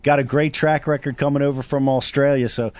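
A man's voice: mid-range voice, little pitch movement, brisk, darkish tone, no echo. A male co-host talking upbeat, turning to address sponsors. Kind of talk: casual radio chat. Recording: slightly dull audio.

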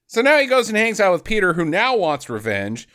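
A man casually recapping a movie with a co-host, animated, swearing and mock-quoting the characters. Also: sits high, fairly quick, clean tone. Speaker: podcast co-host.

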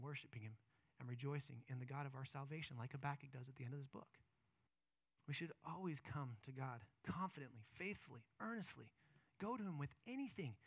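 A male pastor preaching a sermon with impassioned emphasis, moving between loud urgent passages and quieter reflective ones. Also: fairly high pitch, gravelly, dry recording.

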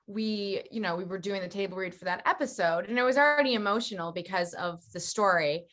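Animated, gushing actress. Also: female voice, medium pitch, brisk. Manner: animated, gushing storyteller with many restarts. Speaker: actress guest. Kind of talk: casual interview chat.

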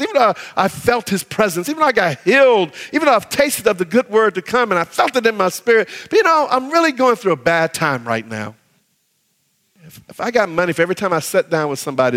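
A man's voice: high voice, a bit bright. A man preaching a sermon as pastor, acting out voices of believers as he speaks. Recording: reverberant hall.

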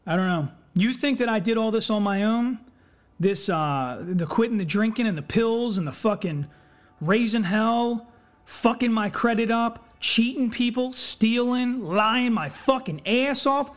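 A man's voice: high voice, unhurried. A man hosting a podcast, talking in a candid personal monologue, blunt, earnest and full of swearing. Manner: blunt and heavily profane; impassioned, earnest. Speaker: podcast host.

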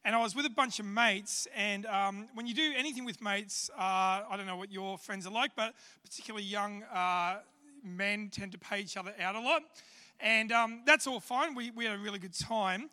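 Sharp-toned and high, this Australian man preaches at normal speed in a church service, telling humorous stories at his own expense and leaning on plenty of fillers. His words echo with a church hall's long reverb.

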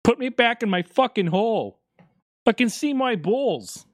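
A man's voice: very high voice, animated, a little slow, no room sound, pitched above the performer's own voice. A crude, gleeful groundhog brags in a raised, pushed voice, as a man puts him on. The sound is close and dry. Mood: boastful. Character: male groundhog, crude and boastful.

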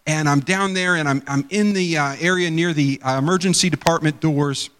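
In a church sanctuary with long hall reverb, a pastor preaches a rambling, conversational sermon built on stories, acting out the people in them. His voice is a little high, fairly bright, clear and resonant, at a moderate pace.

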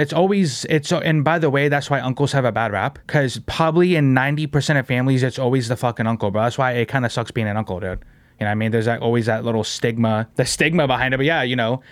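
A man hosting a casual podcast, rambling fast with lots of "bro" and "you know what I mean," slipping into mocking impressions of commenters. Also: medium pitch, no room sound. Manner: slips into mocking voices of commenters. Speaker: podcast host.

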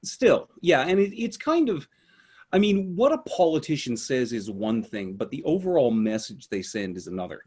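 A wry, joking Canadian man with a Canadian accent, guesting on a podcast. His voice is husky and swings widely in pitch. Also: sing-song, moderate pace, a little mellow. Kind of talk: casual chat.

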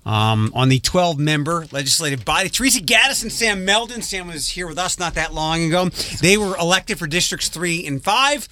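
A man's voice: a little high, expressive, normal speed, hardly any pauses, sharp tone. A man hosting a morning radio show, bantering with co-hosts and reading local news in an upbeat way.

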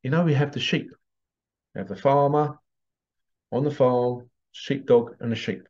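A man talks in a loose, rambling monologue and chuckles as he goes. His voice sits in an ordinary middle pitch. The recording sounds a little dull and lo-fi. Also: moderate pace, darkish tone. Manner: rambling, chuckling, acts out bits in funny voices. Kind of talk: casual monologue. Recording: slightly dull lo-fi audio.

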